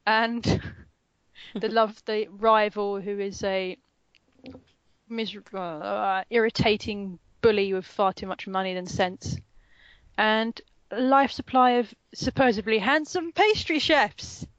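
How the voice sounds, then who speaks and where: A woman's voice: mid-range voice, fairly even intonation, takes it slowly, clear, resonant tone, no room sound. A sarcastic, giggly woman chatting about anime with friends. Her voice sits in an ordinary middle range, close and dry with no room sound. The recording is a little dull and muffled. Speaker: podcast co-host. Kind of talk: casual chat, anime review.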